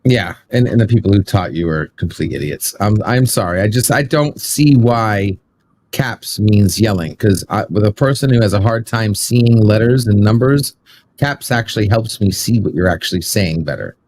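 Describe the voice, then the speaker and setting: Man, argumentative, low voice, slight background hiss. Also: expressive, moderate pace, darkish tone. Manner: argumentative, apologetic asides. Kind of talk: casual debate.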